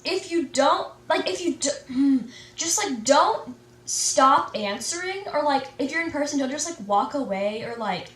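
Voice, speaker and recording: A woman's voice: high voice, lively intonation, measured pace, fairly bright tone, distant mic. A teenage girl in casual chat, rambling and saying "like" constantly as she complains. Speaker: co-host. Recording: echoey room from off-mic.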